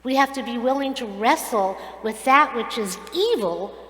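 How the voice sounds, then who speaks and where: A woman's voice: fairly high pitch, moderate pace. Woman rabbi preaching in an echoey hall. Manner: storytelling, earnest and expressive, acting out quoted voices. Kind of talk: sermon. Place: synagogue sanctuary. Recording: echoey hall with long reverb.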